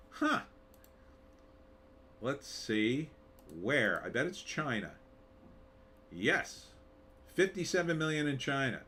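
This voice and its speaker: A man's voice: medium pitch, fairly bright tone, a little hiss or hum. A man hosting a live commentary show, talking in a sarcastic, rambling way with wry asides. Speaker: show host.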